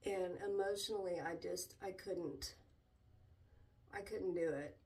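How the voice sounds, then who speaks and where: A middle-aged woman vlogging candidly about her struggles, halting and emotional, with many restarts. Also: fairly low pitch, warm tone, far from the mic. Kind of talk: candid personal vlog talk.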